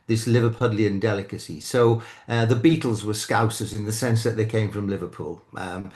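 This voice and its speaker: An older man with a British English accent from England, chatting as a guest commentator, talking haltingly with many restarts and self-corrections. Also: lowish voice, fairly even intonation, darkish tone. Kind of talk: casual chat.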